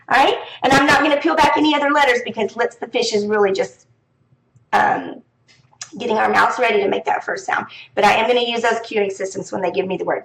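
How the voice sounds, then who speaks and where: Woman teacher, high-pitched, casual and lively, sing-song classroom tone; echoey room. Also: brisk, gravelly. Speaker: teacher presenting to other teachers. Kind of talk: casual instructional talk.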